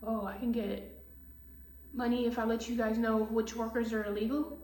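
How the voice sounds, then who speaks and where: A woman's voice: fairly high pitch, little pitch movement, normal speed, a little mellow, far from the mic, a little hiss or hum. A woman giving a casual tarot reading, blunt and profane, ranting heatedly. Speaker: tarot reader. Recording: echoey room, voice off-mic.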